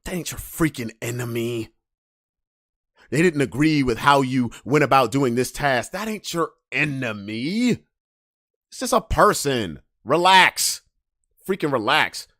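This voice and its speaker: Animated ranting man, dry close sound. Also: a little slow, no echo. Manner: animated, ranting, swings between loud emphasis and low mutters. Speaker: podcast host. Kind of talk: casual monologue rant.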